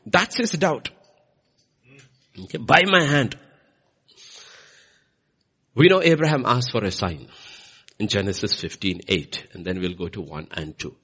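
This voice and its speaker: Male preacher, sermon, husky voice, lively swooping pitch, church. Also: a little slow, long pauses. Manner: animated, swinging pitch and loudness for emphasis.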